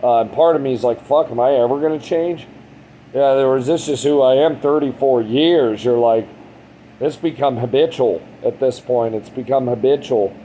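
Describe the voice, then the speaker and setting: A man's voice: medium pitch, moderate pace, mellow, slight background noise, low-quality recording. A man in his thirties talking bluntly and frankly in a casual monologue, rambling and swearing a lot. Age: 30s. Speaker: vlogger.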